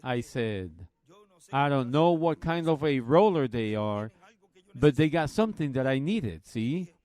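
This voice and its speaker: Slow-paced preacher man. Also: mid-range voice, lively intonation, darkish tone. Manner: retells a story slowly, quoting others in a plain folksy way. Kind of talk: Bible study sermon.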